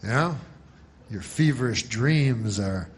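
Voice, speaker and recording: A man doing a stand-up comedy monologue, deadpan and rambling through long setups. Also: medium pitch, slow pace, slight background noise.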